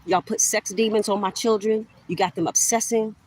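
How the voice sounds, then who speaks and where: A middle-aged woman vlogger rants heatedly into the camera, accusing and repeating herself for emphasis while calling her listeners "y'all." Her voice is medium-pitched and darkish, with fairly even intonation at a normal speed. The recording quality is low.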